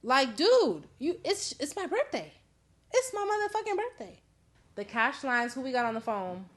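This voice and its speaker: A woman's voice: sits high, sing-song, normal speed, fairly bright tone. A young woman hosts a casual call-in live stream in her own voice. She talks openly and swears freely, with frequent laughs between thoughts. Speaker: host.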